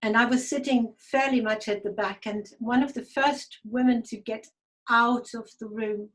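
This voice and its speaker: A woman giving a halting, reflective personal spiritual testimony, audibly emotional. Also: a little high, steady tone, a bit bright, rough recording. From Germany. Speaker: guest speaker.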